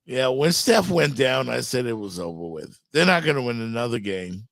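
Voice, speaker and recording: A man's voice: mid-range voice, sing-song, moderate pace, vocal fry, fairly bright tone, dry recording. A man hosting a casual sports talk show, giving firm, emphatic opinions.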